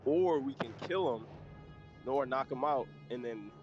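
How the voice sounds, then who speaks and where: A man's voice: mid-range voice, lively intonation, measured pace, muffled recording, music in the background. A man playing a tabletop game who talks hesitantly, stopping and restarting with many fillers. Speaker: player.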